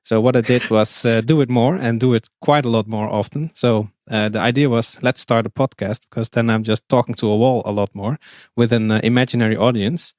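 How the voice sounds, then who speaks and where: A man's voice: mid-range voice, steady tone, a little fast, darkish tone, dry recording, studio quality. Dutch man talking with many fillers. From Netherlands. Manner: hesitant, many uh fillers and restarts. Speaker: podcast guest. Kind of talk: casual interview chat.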